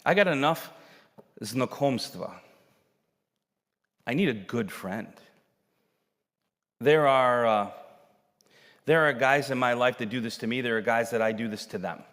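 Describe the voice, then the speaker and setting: A man's voice: medium pitch, measured pace, pauses often. Man preaching in a reverberant hall. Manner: animated storytelling, acting out characters' lines. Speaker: pastor. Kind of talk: sermon. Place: church sanctuary.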